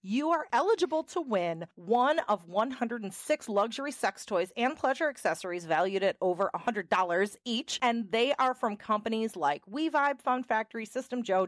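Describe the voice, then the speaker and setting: A woman's voice: a little high, no room sound, studio quality. An American woman co-hosting a podcast, chatting casually and reading ads with a playful, giggly manner. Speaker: podcast co-host. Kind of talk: casual podcast chat and ad reads.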